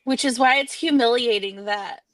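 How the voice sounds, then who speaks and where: A woman's voice: on the high side, fairly bright tone, no echo. A young woman with a Southern US accent, chatting casually and telling stories with frequent giggles during a live chat. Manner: giggly, quick storytelling. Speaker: cast member of a comedy sketch show.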